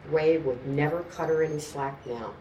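A woman narrating a story in a measured, scripted reading. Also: deep voice, warm tone, a little hiss or hum. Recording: roomy, distant mic, faint ambience.

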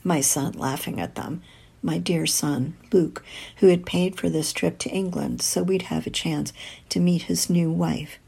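An older woman narrates a first-person story in a wry, confiding way, slipping into whispers at times. Her voice is low and dark, with a strong gravelly fry and a husky, breathy grain. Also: measured pace. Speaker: audiobook narrator.

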